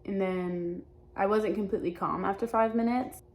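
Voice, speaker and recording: Young adult woman, confessional vlog, hesitant, frequent restarts, earnest, mid pitch. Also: fairly even intonation, moderate pace, a little mellow. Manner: earnest and open. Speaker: vlogger.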